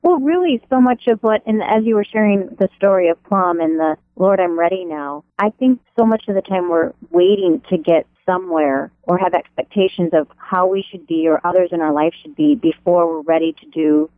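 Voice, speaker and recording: Over a tinny telephone connection, a middle-aged American devotional writer for radio, from the Upper Midwest, talks briskly and with few pauses as an interview guest at home. She's animated, quick to laugh, and her voice leaps upward in excitement; there's no room sound.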